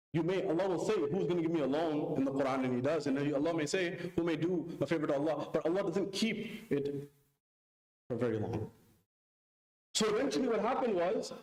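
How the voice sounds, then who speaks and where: A man giving a sermon, telling a story and acting out its dialogue with big pitch jumps. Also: a little mellow. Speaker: preacher. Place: mosque hall. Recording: echoey mosque hall.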